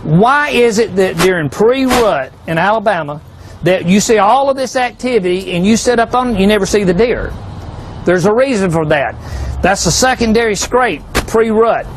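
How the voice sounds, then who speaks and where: A man's voice: high voice, lively intonation, normal speed, a little hiss or hum. A man giving a folksy, joking hunting seminar, peppering a live audience with rhetorical questions.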